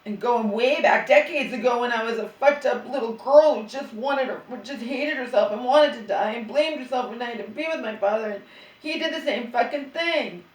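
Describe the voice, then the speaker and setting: Speaking at normal speed in a slightly high voice, a middle-aged woman vlogger vents in an agitated, profane, rambling monologue full of restarts. The recording sounds roomy and distant from the mic.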